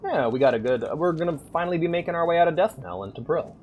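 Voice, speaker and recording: A man's voice: a little high, expressive, fast, a little mellow. A man chatting casually and crudely with viewers while live-streaming a game. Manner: crude, joking, chats with viewers.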